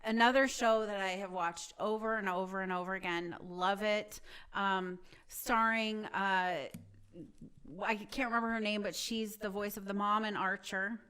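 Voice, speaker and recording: A woman's voice: mid-range voice, steady tone, moderate pace, fairly bright tone, clear, resonant tone. A woman co-hosting a casual show-review chat, upbeat and enthusiastic in her recommendations. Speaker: podcast co-host.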